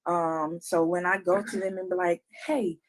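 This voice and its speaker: A woman's voice: on the low side, little pitch movement, moderate pace. A woman co-hosting a casual podcast chat, speaking candidly and acting out her own self-talk. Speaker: podcast co-host.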